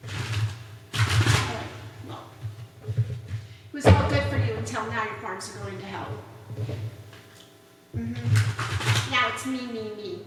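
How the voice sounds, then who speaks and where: A woman's voice: fairly high pitch, slow pace, long pauses, loud music behind the voice. A woman who reads tarot cards, giving ranting commentary and scolding her listeners with rhetorical questions. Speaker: tarot reader. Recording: echoey room, far from mic, noisy.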